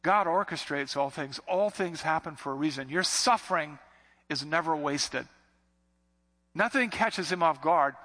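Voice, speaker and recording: Impassioned preacher in a reverberant hall. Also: male voice, on the high side, moderate pace, bright, forceful tone. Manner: impassioned preaching with rising emphatic repetitions. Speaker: pastor. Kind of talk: sermon.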